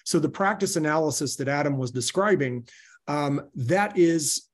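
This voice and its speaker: A man's voice: a little high, expressive, normal speed. A man training new business owners, explaining sales steps and telling anecdotes with some fillers. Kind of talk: business presentation.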